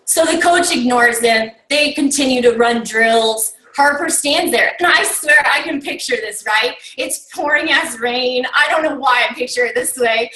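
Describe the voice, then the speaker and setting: A woman's voice: sits high, moderate pace, hardly any pauses, bright, forceful tone. A woman coach giving a motivational talk to her team, rallying them with rhetorical questions and lots of "like" and "okay?". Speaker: team coach recapping a summit. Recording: roomy and distant from the mic.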